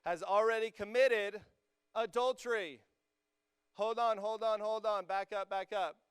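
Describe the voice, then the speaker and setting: A young male youth pastor preaching a lively sermon to students. His voice is slightly high and very clear, close and dry on the mic, and he swings from joking asides to emphatic, rising peaks. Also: unhurried, dry recording. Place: church hall with a student congregation.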